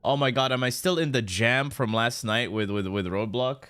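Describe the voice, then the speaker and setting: A man's voice: mid-range voice, normal speed, fairly bright tone, clear, resonant tone, dry recording, studio quality. A man streaming a video game, chatting loosely with viewers and joking, with many restarts. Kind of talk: casual live-stream chat while playing.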